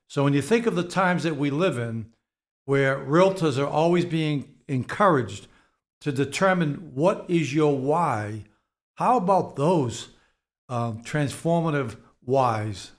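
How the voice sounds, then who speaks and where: A man in his sixties, a real estate executive speaking as a podcast guest, talking in a slow, deliberate and reflective way. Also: a little high, animated. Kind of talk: podcast interview conversation.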